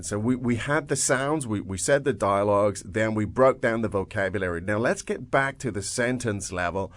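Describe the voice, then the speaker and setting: A man hosting a language podcast lesson, translating phrases and explaining words with frequent restarts and fillers. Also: fairly low pitch. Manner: restarts and "uh" fillers, upbeat encouragement. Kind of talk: teaching English speakers.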